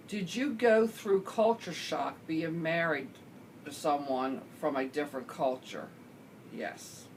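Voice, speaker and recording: A middle-aged woman vlogger chatting casually as she answers viewer questions, rambling with lots of fillers and the odd throat-clear. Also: extremely low pitch, slight background noise. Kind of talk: casual chat.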